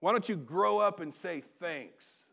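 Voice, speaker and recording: Middle-aged male pastor with a high voice, telling a story from the pulpit, lively with sudden quiet asides. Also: a little slow, vocal fry. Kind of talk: sermon storytelling.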